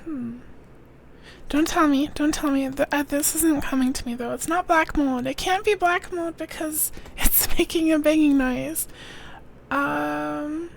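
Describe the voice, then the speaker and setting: High-pitched giggly streamer woman. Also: a little slow, vocal fry, a little hiss or hum. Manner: giggly, reads text aloud, thinks out loud. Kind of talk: live game stream commentary.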